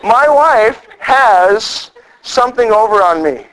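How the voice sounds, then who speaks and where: A man's voice: high-pitched, takes it slowly, a little hiss or hum, low-quality recording. A middle-aged male pastor preaching a sermon, telling stories and acting out the lines he quotes. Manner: animated storytelling, acts out quoted lines.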